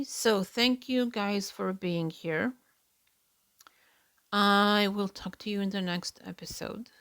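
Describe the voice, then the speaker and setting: A woman hosting a solo reaction podcast, talking in an earnest, chatty way with fillers and soft asides. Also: medium pitch, gravelly. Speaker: podcast host.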